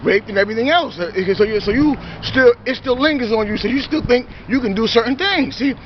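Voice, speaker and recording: Man, high voice, preachy monologue, confrontational, lo-fi recording. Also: fairly quick, a little hiss or hum. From New York. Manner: confrontational, repetitive, heavy on "you know" and "see". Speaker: self-styled preacher. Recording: dull lo-fi recording.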